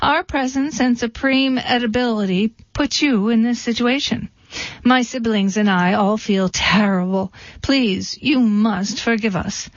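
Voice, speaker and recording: A woman's voice: a little high, measured pace, dry recording. Big goat, stubborn and firm, read plainly by a woman; dull, dry recording. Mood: insistent. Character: big horned billy goat, stubborn and self-blaming.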